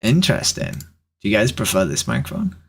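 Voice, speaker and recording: A woman's voice: a bass voice, wildly swooping pitch, a little fast, breathy edge. A woman streaming from home in casual live-stream chat, talking to herself between strangers and swearing freely. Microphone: desk microphone.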